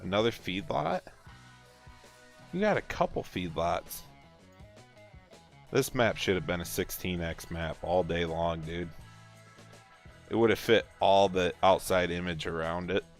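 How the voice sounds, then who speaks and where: A man's voice: deep voice, unhurried, long pauses, faint music behind. A man chatting casually and teasing viewers while streaming a farming game. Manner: relaxed, chatty, teasing chat. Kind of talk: casual gameplay livestream chat.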